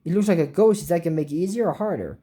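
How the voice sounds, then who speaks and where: Low-voiced woman rambling a cartoon recap. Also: very fast, warm tone, slightly rough. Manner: rambling, with filler words and mouth sound effects. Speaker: show recap host. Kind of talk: casual episode recap.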